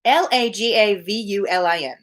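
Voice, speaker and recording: A woman's voice: medium pitch, normal speed, a bit bright. A woman reading a short story aloud to listeners, breaking off for casual, chatty asides. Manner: chatty, laughing asides between passages. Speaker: reader.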